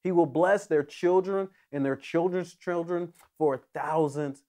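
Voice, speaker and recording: A man's voice: a little high, measured pace, warm tone. A man preaching a sermon as a pastor, earnest and emphatic, often restarting and repeating himself as he builds his points.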